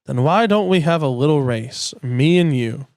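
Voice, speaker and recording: A man voicing a gruff, stern old male race car in a cartoon. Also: fairly high pitch, lively intonation, normal speed, darkish tone, dry recording. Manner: stern and dry.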